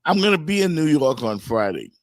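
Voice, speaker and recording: A man's voice: fairly high pitch, sing-song, fairly quick, dry recording. A man hosting a casual sports talk show, giving firm, emphatic opinions.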